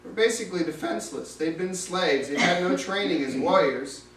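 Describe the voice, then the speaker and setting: High-voiced man retelling Bible stories. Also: moderate pace, a bit bright. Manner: conversational, vivid retelling. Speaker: lay preacher. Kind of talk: dramatic Bible storytelling. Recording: roomy, distant mic.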